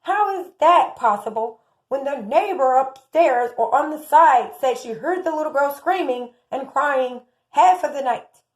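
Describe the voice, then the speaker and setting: American woman, 30s, high voice, heated opinionated commentary, gets louder as she argues. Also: animated, unhurried, hardly any pauses. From United States. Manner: impassioned, indignant, rising in volume. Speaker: true crime commentator.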